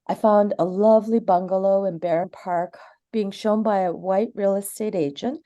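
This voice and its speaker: A woman in her forties gives public comment as personal testimony. Her voice is warm and mellow, and her delivery is earnest and candid. She grew up in Canada. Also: mid-range voice, steady tone, normal speed. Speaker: community member giving public comment.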